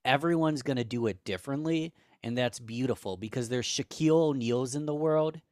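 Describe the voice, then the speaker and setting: A man guest on a podcast, giving emphatic, energetic business advice in a conversational way, a bit hoarse. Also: medium pitch, a little fast, no echo, clean studio sound. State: slightly hoarse.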